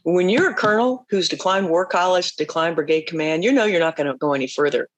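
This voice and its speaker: A woman in her fifties tells her story on a podcast. She is animated and laughs often. She acts out the voices of people she quotes. The recording is dry and close. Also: lowish voice, fast, no room sound. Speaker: podcast guest. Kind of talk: conversational interview.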